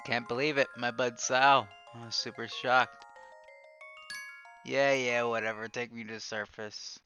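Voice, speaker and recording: A man doing let's play commentary, excitable and sarcastic, with loud outbursts and stammering restarts. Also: mid-range voice, a little slow, muffled recording. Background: game music.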